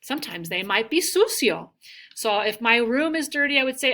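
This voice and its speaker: A woman teaching a recorded language lesson, modelling each word slowly and asking students to repeat. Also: a little high, expressive, pushed and bright. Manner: models words slowly, prompts repetition. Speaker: Spanish teacher.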